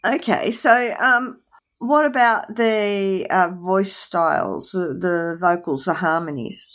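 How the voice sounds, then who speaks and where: A woman's voice: on the low side, takes it slowly, a bit bright. Female podcast host, conversational and hesitant, voice fading. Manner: hesitant, many fillers. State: voice wearing out. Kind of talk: casual podcast chat.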